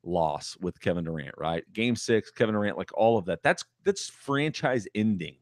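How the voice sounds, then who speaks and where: Lower-voiced man in excited podcast chat. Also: normal speed, no room sound, clean studio sound. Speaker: podcast co-host. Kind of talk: casual sports podcast chat.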